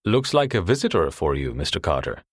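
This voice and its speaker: A cool, controlled young rich man with a deep, resonant timbre, as a male narrator reads him. His voice sits very low with a lively melody, dry and close in the recording. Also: slightly rough, no room sound, exaggerated voice. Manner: slow and controlled.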